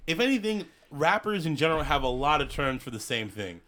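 Bright-voiced tipsy man rambling. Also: fairly high pitch, sing-song, a little fast. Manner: rambling, profane, trails off and restarts. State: a little drunk. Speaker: podcast co-host. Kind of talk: casual chat.

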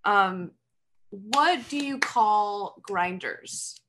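A woman's voice: medium pitch, animated, drawn-out words, noisy background. A woman co-hosting a casual podcast chat, curious and giggly as she asks questions. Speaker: podcast co-host.

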